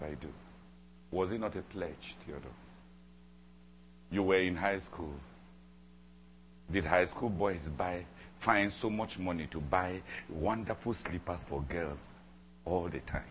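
A man preaching a sermon, telling a personal story with dramatic repetition and emphatic swings between loud and soft. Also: sits low, slight background noise. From Cameroon. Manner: dramatic, repeats phrases for emphasis.

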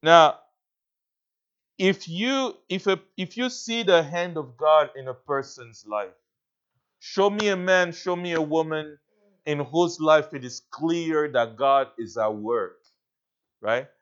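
A man with a fairly high voice preaches a sermon, earnest and emphatic. He restarts his phrases often and keeps checking in with the congregation. The recording sounds dull and lo-fi. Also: expressive, slow, fairly bright tone, clean tone. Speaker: pastor.

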